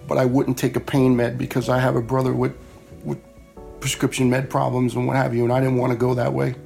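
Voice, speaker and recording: A man's voice: mid-range voice, creaky, darkish tone. A middle-aged firefighter telling his own story in a blunt, heartfelt, conversational way. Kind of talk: personal storytelling.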